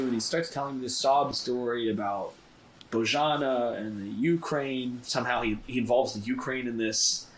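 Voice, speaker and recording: A man's voice: mid-range voice, moderate pace, slight background noise, poor audio. A man co-hosting a podcast, telling stories in casual, profane chat and acting out the voices of the people he quotes. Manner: animated storyteller, acts out quoted voices. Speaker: podcast co-host.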